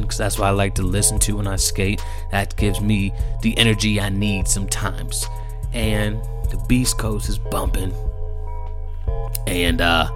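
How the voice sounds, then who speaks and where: A young man telling a story casually, animated and profane, repeating himself and growing heated. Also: lowish voice.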